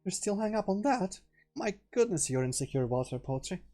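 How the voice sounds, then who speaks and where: A man voicing a cold, formal young woman who speaks softly and holds back her anger. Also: sits high, very animated, brisk, faint music behind, pitched above the performer's own voice. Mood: icy. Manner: soft, icy, restrained, formal. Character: cold restrained shy young woman Yuri.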